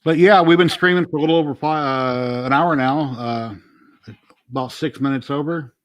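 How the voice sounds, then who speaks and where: A man's voice: a little high, moderate pace. A man hosting a casual livestream chat, plain-spoken and opinionated. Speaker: livestream host.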